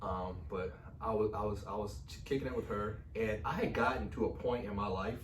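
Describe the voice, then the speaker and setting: Playful man, low voice, roomy echo. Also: steady tone, a little fast. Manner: playful, joking, laughs often. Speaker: podcast co-host. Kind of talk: casual chat. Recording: roomy echo, distant mic, faint noise.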